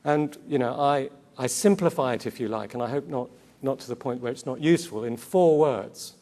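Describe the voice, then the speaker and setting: A man's voice: medium pitch, dark tone. A man giving a sermon-style talk to a Christian gathering, earnest, asking rhetorical questions and repeating key words. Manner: quick asides and self-corrections. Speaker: conference speaker.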